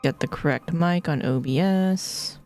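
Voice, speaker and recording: A woman's voice: sits low, unhurried, a little mellow, soft background music. A woman streamer chatting casually as she plays, joking at herself and swearing now and then. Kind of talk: casual live-stream chat. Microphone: streaming mic.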